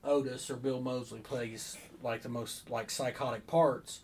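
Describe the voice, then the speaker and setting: A man in casual chat, relaxed and steady, often answering with brief agreement. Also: medium pitch, moderate pace, husky.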